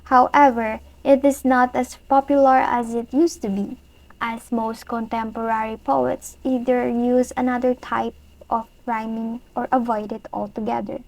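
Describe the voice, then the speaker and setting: Woman presenter, slow and careful, reading a prepared lesson; dry close mic. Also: on the high side, flat delivery, gravelly, no room sound, poor audio.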